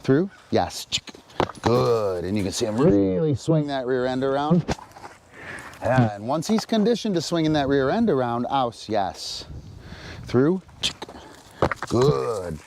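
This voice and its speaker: A man talks slowly through a dog-training demonstration, pausing over fillers and then snapping out quick cues to his dog. His voice sits mid-pitch and unhurried. A faint hiss of noise runs under the recording. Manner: relaxed, halting explanations with many fillers, short sharp dog cues. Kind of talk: live-streamed training demonstration.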